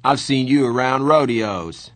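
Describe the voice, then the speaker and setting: A man's voice: mid-range voice, measured pace, fairly bright tone, no echo, pitched above the performer's own voice, natural voice. A man reading an audiobook, voicing a brash, taunting young hoodlum. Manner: taunting, sly. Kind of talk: audiobook narration.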